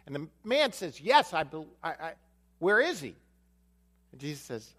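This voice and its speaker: A man's voice: on the high side, very animated, moderate pace, long pauses, a bit bright. A man preaching a sermon, retelling a Bible story and acting out its dialogue, with repeated phrases for emphasis. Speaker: pastor.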